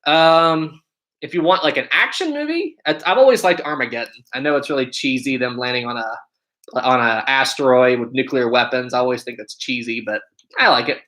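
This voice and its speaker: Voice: mid-range voice, moderate pace, sharp tone. An upbeat American livestream host chatting casually and greeting viewers one by one while reading comments aloud on a home setup. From United States.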